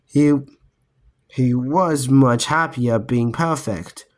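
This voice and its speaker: A man reading a children's book aloud in a slow, careful way. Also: mid-range voice. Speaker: reader.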